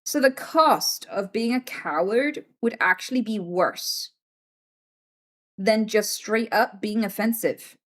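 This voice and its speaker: A woman's voice: mid-range voice, slow, fairly bright tone. A young British woman chatting casually on a livestream, frank and swearing freely as she tells stories.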